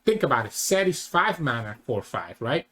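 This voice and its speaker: A man's voice: mid-range voice, sing-song, normal speed, a bit bright. A man hosting a casual reaction video, rambling and correcting himself mid-thought. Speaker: channel host.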